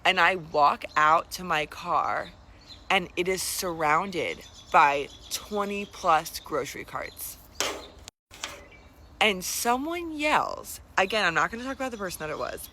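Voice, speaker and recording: Speaking low and a bit sharp over faint background noise, this young vlogger recounts something that happened to her. Her delivery is casual and talkative, packed with "like" and dramatic side comments.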